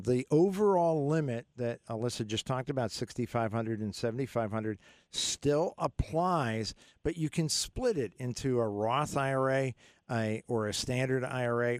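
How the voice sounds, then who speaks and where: A man's voice: mid-range voice, moderate pace, no room sound, studio quality. A middle-aged man hosting a call-in radio show about money, talking in a rambling, joking way with many fillers and restarts. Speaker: radio finance show host. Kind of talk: casual call-in radio talk.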